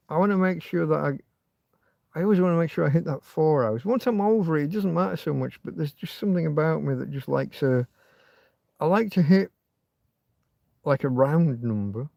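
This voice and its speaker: A man's voice: a little high, gravelly, dark tone, no room sound. A man hosting a casual livestream from inside a tent, rambling and swearing freely. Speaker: livestream host.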